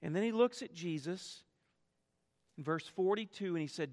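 Pastor, male, high-pitched, passionate sermon delivery, long hall reverb. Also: lively intonation, normal speed, long pauses. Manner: impassioned, acts out quoted voices, drops to quiet emphasis.

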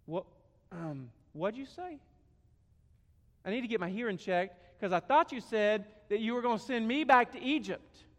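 A man's voice: high voice, moderate pace. A man acting as Moses, eager and stammering. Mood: nervous. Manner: excitable, stammering. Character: eager then reluctant Moses, adult man. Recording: echoey hall.

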